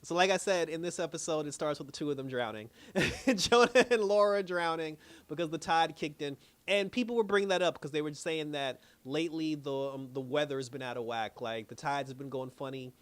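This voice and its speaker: A man talks through an episode like he is telling a friend about it. His voice sits a bit high for a man. He is slangy and chatty, and laughter keeps slipping into his recap. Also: brisk, few pauses, fairly bright tone, clean tone. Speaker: TV review host. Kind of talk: casual spoken recap.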